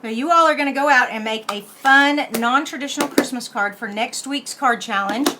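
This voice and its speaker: This card-making channel host has a high voice and a moderate pace. She's chatty during a casual live stream, talking to herself at the computer, recorded in an echoey room with faint background noise.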